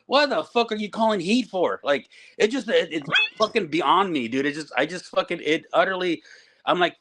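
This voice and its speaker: Ranting, profane man, pitched a bit high. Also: animated, a little fast, fairly bright tone. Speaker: wrestling promoter and veteran wrestler. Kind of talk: casual podcast chat.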